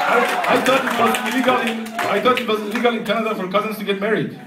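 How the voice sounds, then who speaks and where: A young man from Iran performing a stand-up comedy set, animated and slipping into voices for the characters in his stories. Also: sits high, quick pace, few pauses, heavy background noise. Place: comedy club. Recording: echoey club from a distant mic, loud crowd laughter. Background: audience laughing.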